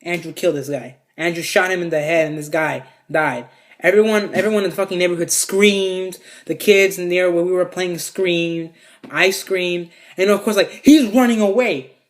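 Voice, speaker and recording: A man's voice: sits high, fairly even intonation, moderate pace, fairly bright tone. A young man from Mexico telling a casual storytime tale, rambling with constant fillers and heavy swearing. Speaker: vlogger.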